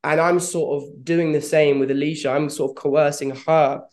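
A man's voice: on the high side, flat delivery, moderate pace, a little mellow. A man, an actor answering interview questions in a reflective, rambling way, with frequent laughs. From London, England. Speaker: actor guest.

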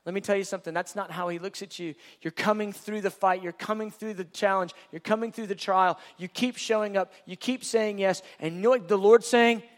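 Brief: high-pitched male preacher, emphatic, repetitive, rhetorical questions. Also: fairly even intonation, brisk, hardly any pauses. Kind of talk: sermon.

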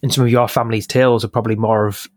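A man's voice: mid-range voice, level tone, rapid-fire, no room sound, studio quality. A man co-hosting a podcast, talking things through in a casual, hesitant way with many restarts. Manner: hesitant, repeats words, thinking aloud. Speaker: podcast co-host.

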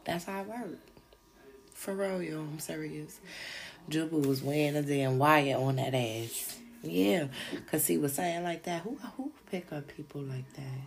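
A woman's voice: sits low, unhurried, vocal fry. A woman hosting a podcast, chatting casually about crime-show gossip in a slangy, profane way with frequent asides to her listeners. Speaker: podcast host.

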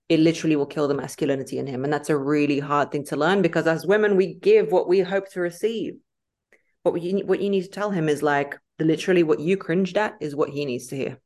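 A woman, a podcast guest in casual interview chat, talking emphatically and acting out quoted lines in lively voices. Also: low-pitched, fairly quick.

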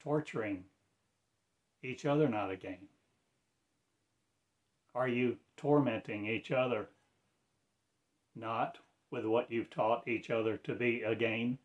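A man's voice: mid-range voice, takes it slowly, long pauses. A man delivering a fragmented, incantatory spoken-word monologue with preacher-like phrasing.

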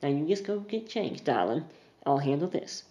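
A game master voicing a composed, steely woman who runs a saloon and speaks softly and politely. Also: fairly low pitch, very animated, normal speed, echoey room, lo-fi sound. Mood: soothing. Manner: sweetly controlled, soft-spoken.

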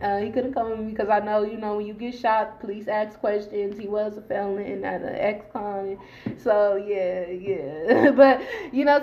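A woman telling a personal story casually on her podcast, blunt and profane, acting out the dialogue in raised voices. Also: on the high side. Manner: blunt and profane, lots of restarts. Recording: dull lo-fi podcast audio.

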